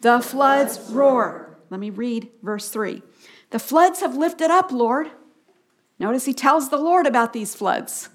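Woman teaching the Bible, slow repetitions. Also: high voice. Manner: slow call-and-response repetition of key phrases.

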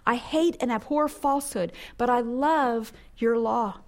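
Earnest higher-voiced woman teaching scripture. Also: measured pace. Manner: earnest, warm reflective delivery with emphatic bursts when quoting scripture. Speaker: Bible teacher and radio host. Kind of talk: radio Bible teaching.

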